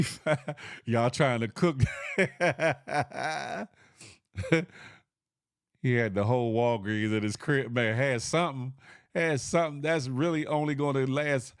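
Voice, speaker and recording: Reading chat comments on a casual morning live stream, a man with a Southern US accent laughs often and sounds animated, with wide pitch swings. The sound is clean studio audio with no echo.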